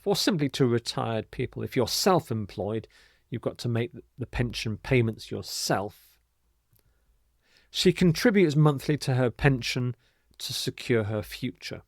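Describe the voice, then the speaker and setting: A man teaching English vocabulary, speaking clearly and deliberately and modelling the pronunciation and stress of each word. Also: medium pitch, no echo, studio quality. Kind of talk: scripted vocabulary lesson.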